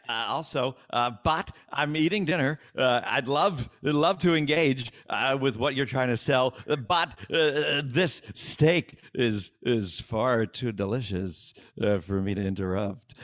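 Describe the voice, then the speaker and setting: A man's voice: mid-range voice, a bit bright. Man doing a stammering quirky eccentric. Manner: stammering with many "uh"s, drawn-out pauses. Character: halting, quirky middle-aged man annoyed at dinner.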